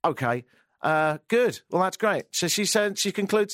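A man telling a stand-up comedy story, with sarcastic, deadpan asides. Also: sits high, measured pace, dry recording, studio quality.

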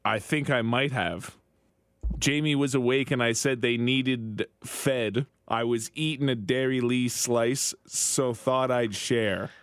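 A man reading the part of a sheepish young adult being scolded by his mother, in a flat voice. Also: medium pitch, slow pace, no room sound.

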